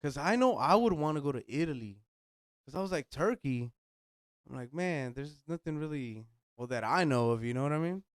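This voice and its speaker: A young man, co-hosting a podcast and telling stories in a relaxed way, swearing casually. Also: a little high, a little fast, smooth, no echo, studio quality. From United States. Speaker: podcast co-host. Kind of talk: casual chat.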